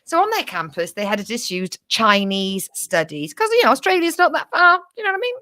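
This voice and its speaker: A woman's voice: on the high side, big pitch swings, brisk, sharp tone, no room sound. A woman co-hosting a comedic news chat show, rambling, swearing and laughing as she tells a story. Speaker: co-host.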